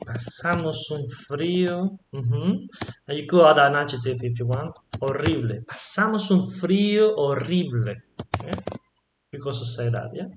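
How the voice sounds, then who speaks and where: A man teaching a casual online language lesson in a relaxed way, often prompting with short checks and murmured approvals. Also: on the high side, moderate pace, reverberant, noisy background. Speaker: Spanish teacher.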